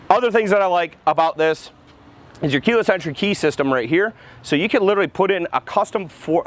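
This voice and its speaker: A man with a slightly high voice talks fast and eagerly, like a car salesman walking around a pickup truck. He keeps up a rapid, enthusiastic sales patter, recorded outdoors beside the vehicle. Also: a bit bright. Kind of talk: casual product walkaround.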